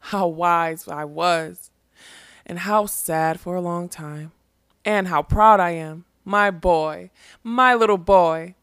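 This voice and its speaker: A woman's voice: fairly low pitch, slow pace, fairly bright tone, clear, resonant tone, no room sound, clean studio sound. Woman putting on a wheezing, screechy old man. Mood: pleading. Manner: wailing, screechy. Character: wheezing, limping old man, whining, self-pitying.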